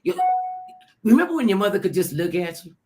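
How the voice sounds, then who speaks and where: A middle-aged woman hosting a casual chat, telling stories with animated acted-out voices. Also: mid-range voice, a little fast. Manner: animated storyteller, acts out voices. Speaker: host.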